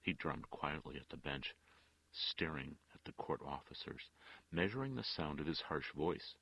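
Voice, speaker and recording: Very deep, gravelly male storyteller. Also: no room sound. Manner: measured, expressive storytelling. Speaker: narrator. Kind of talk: audiobook reading. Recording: dull, dry lo-fi recording.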